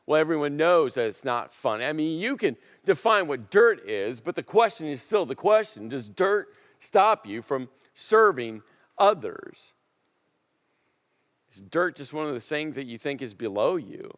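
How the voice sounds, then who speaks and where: Emphatic preacher in a reverberant hall. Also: male voice, on the high side, big pitch swings, fairly bright tone. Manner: storytelling, emphatic, with dramatic pauses and repetition. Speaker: pastor. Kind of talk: sermon. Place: church auditorium.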